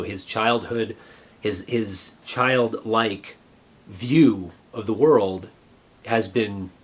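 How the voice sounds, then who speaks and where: A man in his forties earnestly recalling a childhood memory in a halting, reflective way. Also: on the low side, breathy edge. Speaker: vlogger. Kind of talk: personal reminiscence.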